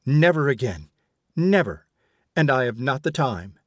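A man's voice: medium pitch, sing-song, a little slow, no room sound, clean studio sound. A man voicing an indignant, fretful mother. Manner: petulant, indignant, complaining. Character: imperious, fretful woman, a mother.

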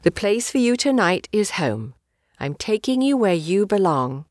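A woman voicing a gentle but unbending young man who speaks soothingly and decisively. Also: mid-range voice, sing-song, unhurried, dry recording, clean studio sound. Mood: firm.

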